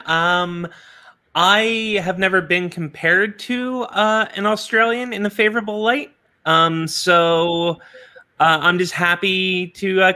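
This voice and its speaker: A woman co-hosting a podcast in casual chat, halting with fillers and laughing easily. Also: mid-range voice, bright, forceful tone. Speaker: podcast co-host.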